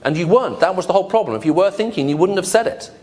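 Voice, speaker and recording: A man lectures to a live audience with lively, swooping intonation and a fairly high voice. He teases his listeners with rhetorical questions and jokes. Faint noise sits under the recording. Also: very fast. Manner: humorous, rhetorical questions, animated. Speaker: lecturer on apologetics.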